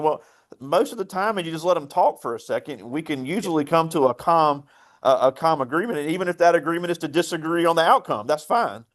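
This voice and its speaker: A male interview host with a slightly high voice. He talks in a loose, conversational way, circling back to his guest's points. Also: fast. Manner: conversational, with many fillers and restarts. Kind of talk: casual interview.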